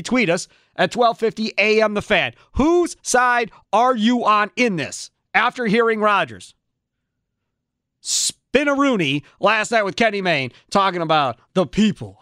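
Man, sports talk radio host, fired-up rant, rhetorical questions, bright voice, dry studio sound. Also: sits high, sing-song, unhurried, no room sound.

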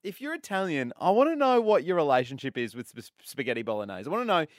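A man co-hosting a radio show, bantering in a casual, animated way. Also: on the high side, fast talker, dry recording, clean studio sound. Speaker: radio host. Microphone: studio microphone.

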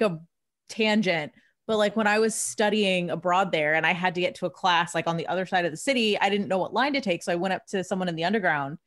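A young woman co-hosting a sports talk show, telling stories in an animated, jokey way in casual chat. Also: fairly low pitch. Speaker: sports podcast co-host.

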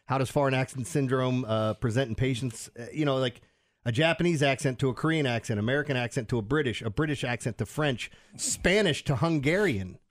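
A man's voice: mid-range voice, brisk. A man co-hosting a sports radio show, rambling and laughing in casual banter.

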